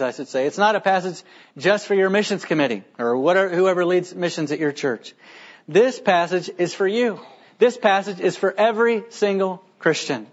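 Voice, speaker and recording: Earnest preacher, higher-pitched man. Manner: earnest, emphatic preaching with rhetorical questions. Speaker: pastor. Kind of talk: sermon. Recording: dull lo-fi sermon recording.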